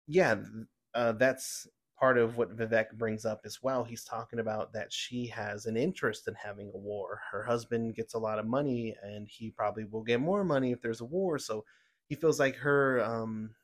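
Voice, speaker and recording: Male podcast host, mid-pitched, heated opinionated news rant full of fillers. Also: steady tone, moderate pace. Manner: heated, ranting, with many fillers and restarts.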